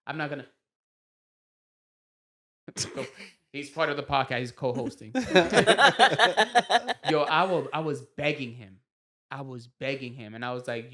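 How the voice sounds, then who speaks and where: A man hosting a comedy podcast, telling a story in an animated way, acting out the quotes and laughing often. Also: mid-range voice, unhurried, pauses often. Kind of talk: casual storytelling chat.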